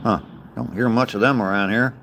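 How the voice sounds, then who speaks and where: A man's voice: on the low side, fairly even intonation, fairly quick, vocal fry, a bit bright, a little hiss or hum. An older man chatting casually on a livestream while walking outdoors, greeting viewers by name and chuckling at their comments. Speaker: livestreamer reading viewer chat. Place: outdoors on a walk.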